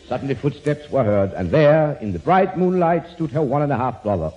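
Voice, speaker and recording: A man's voice: mid-range voice, lively intonation, a little fast. A man with a doing a comic monologue, reading a silly passage aloud with little chuckles and swapping numbers into his words. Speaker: comedian and pianist. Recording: dull lo-fi old radio recording, noisy.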